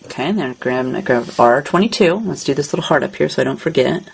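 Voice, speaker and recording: A woman hosting a craft tutorial, calmly narrating each coloring step as she works. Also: a bass voice, fast, creaky, noisy background.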